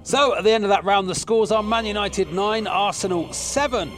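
A man's voice: high-pitched, moderate pace, music in the background. A man hosting a comedy sports quiz, teasing the panel playfully as he awards points. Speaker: quiz host.

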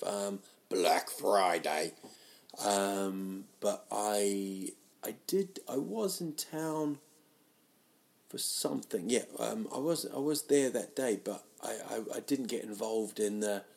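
A man hosting a solo podcast, rambling through silly tangents in a self-mocking way with sudden loud outbursts. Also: fairly low pitch, expressive, slow pace, creaky. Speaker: podcast host. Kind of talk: rambling solo comedy chat. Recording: home podcast mic, uneven sound.

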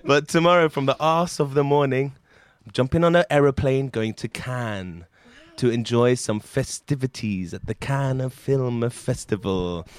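A man hosts a casual comedy podcast, playful and jokey, now and then jumping into loud silly bits. His voice sits at a middle pitch. The sound is close and dry with no room echo. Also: unhurried, smooth. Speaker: podcast host. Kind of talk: casual improv comedy chat.

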